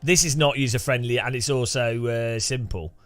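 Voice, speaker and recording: His intonation stays fairly even, with a mid-range, fairly bright voice at a moderate pace and soft music in the background. This man streams a racing game and chats casually with viewers, rambling, laughing at himself, and chuckling often.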